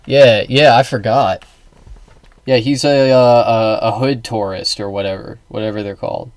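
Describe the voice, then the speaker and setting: A man commenting on a video in a casual, halting way, with many fillers and restarts. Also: fairly low pitch, fairly even intonation, a little mellow, dry recording.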